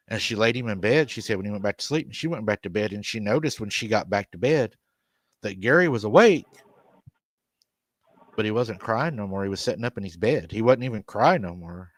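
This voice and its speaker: A man's voice: fairly low pitch, a bit bright, no room sound. A man hosting a paranormal show, telling a family's haunting story at length and repeating "she said" over and over. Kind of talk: storytelling retelling an interview.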